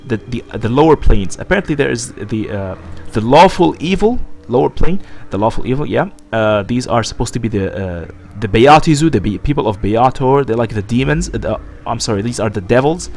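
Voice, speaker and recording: Unwell male let's player, chatty and rambling, gravelly voice that swings up and down. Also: mid-range voice, expressive, fairly quick, few pauses, a little mellow. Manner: rambling, thinking aloud with many fillers. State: sick. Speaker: let's play host. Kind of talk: gameplay commentary, reading dialogue aloud.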